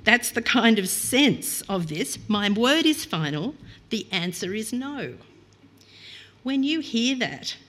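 A woman's voice: medium pitch, a bit bright, husky. A middle-aged woman preaching a reflective, earnest sermon and reading scripture aloud.

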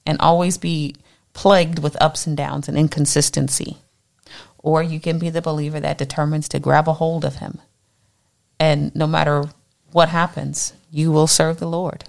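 Low gravelly woman teaching the Bible. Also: normal speed. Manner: animated, acts out voices in quotes.

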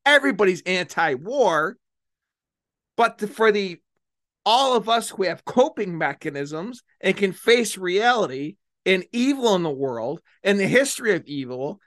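A male political commentator with a voice pitched well above most men's. His monologue is combative and mocking. He drags out key words to hammer each point home. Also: lively intonation, a little slow, fairly bright tone. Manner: combative, sarcastic, stretches words for emphasis. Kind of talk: opinionated monologue.

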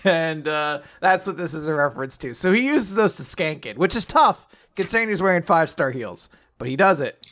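A podcast co-host with a fairly high, bright and expressive voice recaps a manga chapter at a fairly quick clip. He laughs and jokes throughout, acting out quotes from the chapter.

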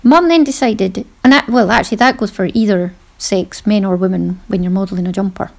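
A woman's voice: mid-range voice, fairly quick, gravelly, a little mellow. A middle-aged woman hosting a podcast, talking casually and poking fun at herself, with frequent laughs. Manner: chatty, self-deprecating, laughs often. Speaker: podcast host. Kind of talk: casual monologue.

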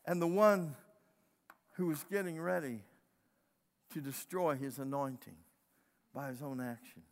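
A man preaching a sermon as pastor, telling a story, moving between loud emphatic lines and quiet retelling. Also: fairly high pitch, measured pace, long pauses. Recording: long reverb of a church hall.

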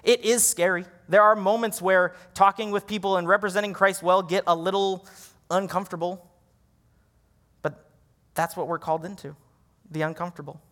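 High-voiced male pastor in a reverberant hall. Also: steady tone, moderate pace, pauses often, a bit bright. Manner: conversational, laughs at himself. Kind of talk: sermon.

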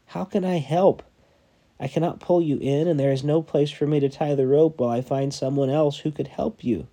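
A man voicing a frustrated male traveler on a bridge who shouts down in exasperation, with a husky voice. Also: on the high side, steady tone, normal speed, voice pushed up. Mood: exasperated.

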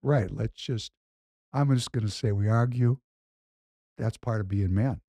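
A man's voice: fairly low pitch, a little slow, warm tone, no echo. A man co-hosting a podcast, talking earnestly and emphatically, often repeating a point. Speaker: podcast co-host. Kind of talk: casual podcast talk.

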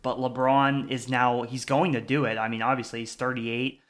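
A man's voice: medium pitch, little pitch movement, normal speed. Chatty man talking college basketball. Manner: chatty, frequent restarts and fillers. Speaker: sports podcast co-host. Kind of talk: casual sports talk.

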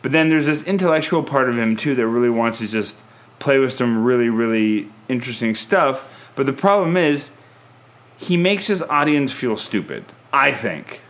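A man in a relaxed film talk, chatty and self-correcting as he works through his thoughts. His voice sits at an ordinary middle pitch, and his delivery is casual and conversational. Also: moderate pace. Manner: chatty, thinks aloud with restarts. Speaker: podcast host, film reviewer. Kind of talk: casual film review chat.

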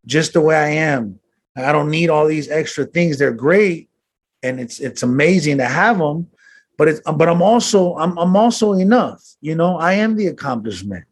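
A man talking in a relaxed conversation, telling earnest personal stories with street slang and the odd swear word. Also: fairly high pitch, breathy edge. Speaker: guest. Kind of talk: casual conversation.

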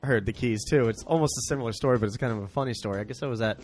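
A man's voice: mid-range voice, racing, darkish tone, soft background music. A man hosting a casual conversation, chatty and full of stories. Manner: chatty, tells stories with laughs. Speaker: host.

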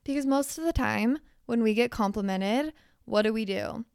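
Raspy young woman giving blunt pep talk. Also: a little high, moderate pace, darkish tone, dry recording, studio quality. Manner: emphatic, blunt, swears casually. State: hoarse, losing her voice. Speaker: podcast host. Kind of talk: casual motivational talk.

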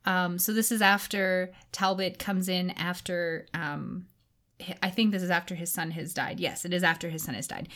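A woman's voice: on the low side, fairly even intonation, normal speed, a bit bright. A woman co-hosting a podcast, talking in a thoughtful, chatty way with frequent likes and ums. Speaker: podcast co-host. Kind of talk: casual literary discussion.

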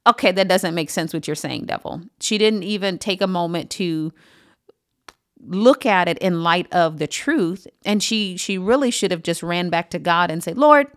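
Earnest woman pastor teaching scripture. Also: lowish voice. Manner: earnest, emphatic, with frequent "um" pauses. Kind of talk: podcast Bible teaching.

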